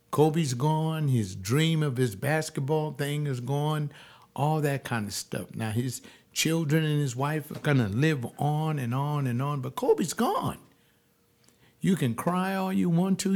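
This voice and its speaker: A man's voice: mid-range voice, a little mellow. An older man, a pastor, telling personal stories in a rambling, digressive monologue with frequent restarts.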